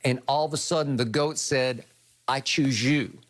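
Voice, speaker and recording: A man's voice: mid-range voice, fairly even intonation, moderate pace. An older man hosting a studio sports debate, making his points emphatically and often checking for agreement. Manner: emphatic, lecturing, rhetorical questions.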